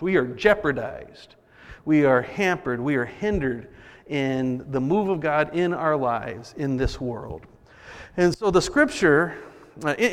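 A man delivering a sermon as pastor, reading scripture and preaching in an earnest, emphatic way with repeated phrases. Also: on the high side. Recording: long hall reverb.

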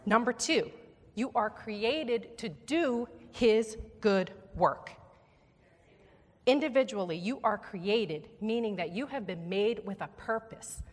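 A woman's voice: medium pitch, slow. A woman preaching a sermon in a church sanctuary, her voice carrying a long reverb off the walls. Her delivery is earnest and emphatic, and she coaxes listeners to repeat her words back. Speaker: guest preacher.

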